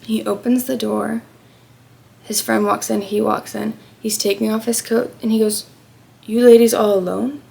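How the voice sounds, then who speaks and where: Young american woman, travel vlog storytime, chatty, gravelly fry. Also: mid-range voice, little pitch movement, moderate pace. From United States. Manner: chatty, acts out quoted people. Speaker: vlogger.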